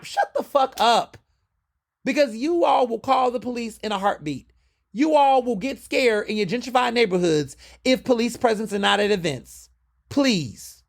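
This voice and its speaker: A man's voice: high voice, gravelly. A man hosting a podcast, delivering a fiery, profane political monologue. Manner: fiery, profane, lively and emphatic. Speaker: podcast host.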